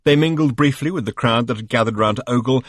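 A man reading an audiobook, narrating in an even, wry storytelling manner. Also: medium pitch, quick pace, dry recording, clean studio sound. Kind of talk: scripted narration.

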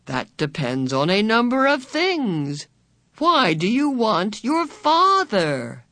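A narrator voicing a bland, sinister man on a chair who talks in a slow, smooth, patronizing way. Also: mid-range voice, huge pitch swings, bright, forceful tone, no echo, clean studio sound, voice pushed up, exaggerated voice. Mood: mocking. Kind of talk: audiobook character voice.

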